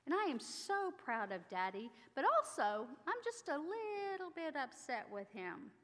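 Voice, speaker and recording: An innocent, excited little girl with a high, sing-song lilt, as a woman preacher acts her out. Her voice is clearly pitched above the speaker's own and trails off into a long echo, as if heard in a big sanctuary. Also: unhurried, heavily acted. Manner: sing-song, eager child voice.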